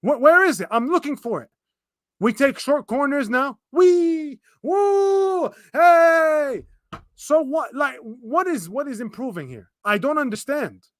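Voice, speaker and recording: A high-pitched young man hosts a football watchalong, venting his frustration in rapid, stumbling bursts full of restarts and curses. The sound is dry and close, with no room around it. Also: lively intonation, fairly bright tone, no room sound. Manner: exasperated, fast ranting with frequent restarts and swearing. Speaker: fan commentator reacting to a live match. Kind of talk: livestream watchalong rant.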